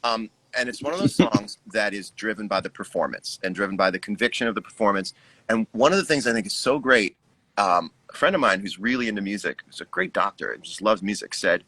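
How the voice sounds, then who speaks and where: A man's voice: fairly low pitch, fairly quick, sharp tone, low-quality recording. A middle-aged American musician talking casually about his record on a livestream, reflective and joking. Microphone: video call.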